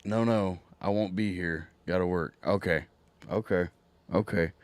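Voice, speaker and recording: A man hosting a live music reaction stream, hoarse and nearly voiceless, chatting casually with his viewers and reading out their messages. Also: low-pitched, steady tone, a little slow, no room sound. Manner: chatty, talks straight to viewers, reading out chat.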